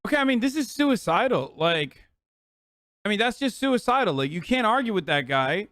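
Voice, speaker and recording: A man's voice: sits high, very animated, moderate pace, a bit bright, slight background noise. A man streaming live, reacting to clips with a heated, profane rant.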